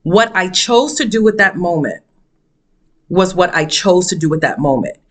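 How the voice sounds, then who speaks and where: Speaking at a moderate pace, this woman is a motivational speaker giving a storytelling monologue. She's animated and dramatic, jumping suddenly in pitch, and preaches emphatically through repetition.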